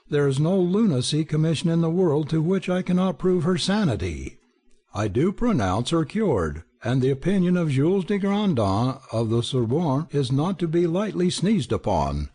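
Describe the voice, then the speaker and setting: A man's voice: fairly high pitch, very animated, moderate pace, warm tone, slightly rough, pitched above the performer's own voice. A man voicing a proud, grandiose middle-aged French occult detective. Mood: defiant. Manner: grandiose, indignant.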